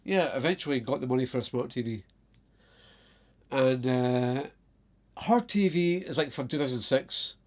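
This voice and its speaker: A man from Scotland with a Scottish accent, telling stories casually to his viewers, animated, laughing often and swearing freely. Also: medium pitch, normal speed, pauses often. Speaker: vlogger. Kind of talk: casual storytelling to camera.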